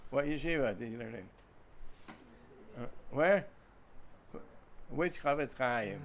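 A man's voice: mid-range voice, a little hiss or hum. A man with an American accent giving an informal Torah lecture to students, rambling, repeating words and asking the class questions. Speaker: Torah teacher.

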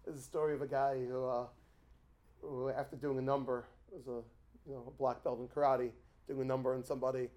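A man teaching a lively Torah class, an animated storyteller who chuckles and drops asides. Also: medium pitch, brisk.

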